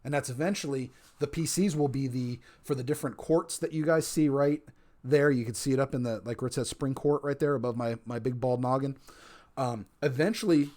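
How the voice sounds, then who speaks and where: A man talks live to his stream chat in a mid-pitched, everyday voice. He rambles, stumbles through restarts, and keeps repeating his main points for emphasis. He reads viewers' messages aloud as he goes. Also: fairly quick, a little mellow. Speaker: streamer and storyteller of a role-play server. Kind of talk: casual livestream chat.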